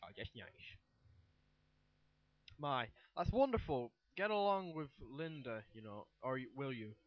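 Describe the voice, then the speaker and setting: A man reading aloud as a frail, confused elderly mother in a horror game, in a soft, quavering voice. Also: mid-range voice, lively intonation, unhurried, no echo, dull audio, close to an everyday voice. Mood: fond.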